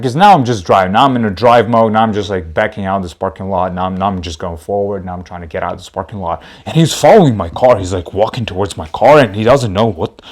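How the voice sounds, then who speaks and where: A man's voice: fairly low pitch, fast, few pauses. A man telling a comedic story on a podcast, rambling and repeating himself.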